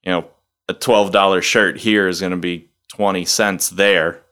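Deep-voiced casual man. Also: normal speed, smooth. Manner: relaxed, profane, rambling. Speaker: podcast co-host. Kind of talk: casual chat.

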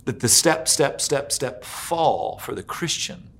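A man in his forties preaching a sermon as a pastor, telling stories with lots of filler words and swinging from hushed to loud. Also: medium pitch, slow. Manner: animated storytelling with many filler likes, swinging between hushed and loud.

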